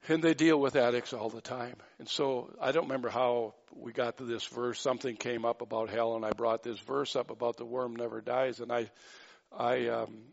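Gravelly man preaching a sermon. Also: medium pitch, little pitch movement, lo-fi sound. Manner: conversational preaching with fillers, slows down to stress scripture. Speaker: pastor.

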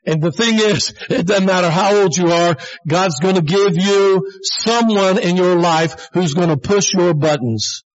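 A man's voice: high-pitched, unhurried, few pauses. A pastor in his sixties giving an earnest, conversational sermon in a plain-spoken way. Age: 60s. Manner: earnest, plain-spoken, addresses the congregation as folks. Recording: dull lo-fi recording.

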